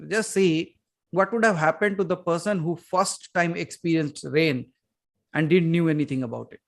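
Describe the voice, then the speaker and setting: A man's voice: fairly high pitch, normal speed. A man, a spiritual teacher answering questions in a call session and telling stories with rhetorical questions. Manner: animated storytelling, rhetorical questions.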